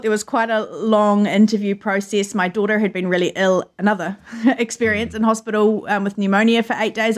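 A woman, a journalist telling personal stories in an earnest, emotional way during an interview from her home. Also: mid-range voice. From New Zealand. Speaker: journalist guest. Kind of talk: remote interview, personal storytelling.

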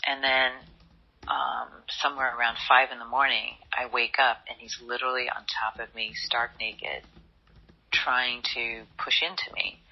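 A woman telling her own story in an interview, speaking softly and haltingly and often dropping to a hushed near-whisper. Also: a bass voice, little pitch movement, slightly rough, dull audio. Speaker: interview guest, model.

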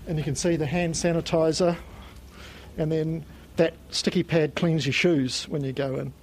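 A man's voice: a little high, steady tone, normal speed, a little mellow, a little hiss or hum, poor audio. A man with a New Zealand accent patiently explains technical equipment on a factory tour, with frequent ums. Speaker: company spokesperson giving a tour. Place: factory and laboratory.

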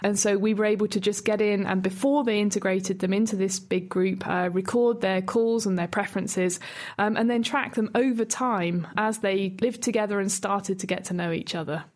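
A woman researcher explaining her study in an interview, relaxed, sometimes imitating animal grunts. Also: mid-range voice, normal speed.

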